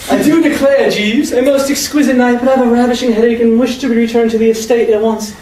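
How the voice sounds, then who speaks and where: A man's voice: very high voice, steady tone, quick pace, a little mellow, a little hiss or hum, pitched above the performer's own voice. A man voicing a young woman who playfully puts on a haughty, aristocratic voice, read aloud to a live audience. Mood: mock-posh. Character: young woman in mock-snooty posh voice. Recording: echoey room, far from the mic.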